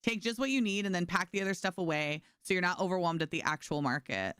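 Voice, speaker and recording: A woman's voice: lowish voice, quick pace, fairly bright tone, clear, resonant tone, no room sound, studio quality. A woman from New York streaming a game, reading chat aloud and answering it in a chatty, sarcastic way. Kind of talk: casual chat with stream chat while gaming.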